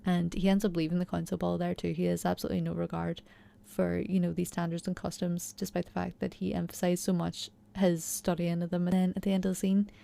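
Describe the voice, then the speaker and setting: Chatty low gravelly woman recapping TV. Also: flat delivery, a little fast, warm tone. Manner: chatty, enthusiastic, heavy use of fillers like "you know" and "like". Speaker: TV episode analyst. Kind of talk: casual recap and commentary.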